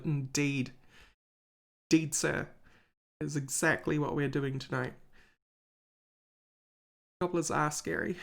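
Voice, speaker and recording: A woman's voice: deep voice, gravelly. A woman streaming a game live, chatting casually and thinking aloud to her viewers.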